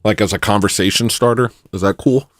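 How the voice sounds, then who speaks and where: A man delivering a satirical comedy monologue, playing it mock-earnest and rambling, with sudden jumps in pitch. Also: brisk, no echo.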